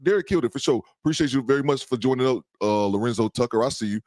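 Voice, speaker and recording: Fast-talking man hosting a livestream. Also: mid-range voice, no echo. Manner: quick, blunt, shout-outs to viewers. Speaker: livestream host. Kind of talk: casual live chat reading super chats.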